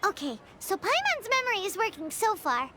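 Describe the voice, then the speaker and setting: A woman's voice: very high voice, huge pitch swings, brisk, very noisy, exaggerated voice. A woman voicing a tiny, chatty floating companion sprite in a video game, who talks about herself by name. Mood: thoughtful. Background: game music.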